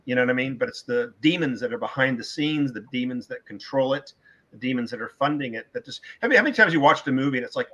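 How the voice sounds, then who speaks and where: A man's voice: medium pitch, pushed and bright, rough recording. A middle-aged man talking as a guest author in a casual podcast interview, emphatic and opinionated, repeating words for stress.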